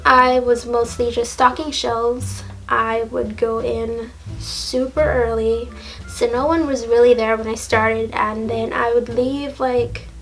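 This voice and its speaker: A woman in her late twenties telling a story in a casual, animated, laughing way, full of slang. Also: on the high side, low-quality recording. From Jamaica. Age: late 20s. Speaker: vlogger.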